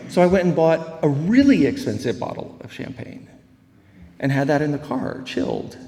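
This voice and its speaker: A man's voice: a little high, a little mellow, big-room sound. A man, giving a rambling, humorous personal recovery talk at a meeting. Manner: humorous, rambling storyteller with many fillers. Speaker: AA meeting speaker.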